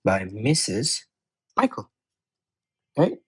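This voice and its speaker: Husky man thinking aloud through a lesson. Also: lowish voice, huge pitch swings, slow pace, low-quality recording. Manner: chatty, self-correcting, thinks aloud. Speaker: English tutor. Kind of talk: casual exam walkthrough while typing.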